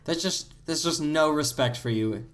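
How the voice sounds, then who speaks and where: A man's voice: a little high, normal speed, fairly bright tone. A man co-hosting a casual gaming podcast, musing thoughtfully with frequent "like" fillers. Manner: thoughtful, heavy use of "like" fillers. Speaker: podcast co-host. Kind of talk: casual chat about video games.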